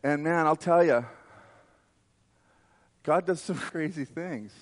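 A man's voice: on the high side, takes it slowly. A man preaching a sermon, fervent and emphatic, telling a personal story.

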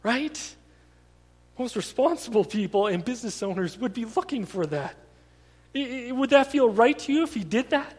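A man preaching a sermon in a conversational way, telling stories with lively energy and often restarting his sentences. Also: extremely high pitch, normal speed, in a large hall. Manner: conversational, animated storytelling with repeated restarts.

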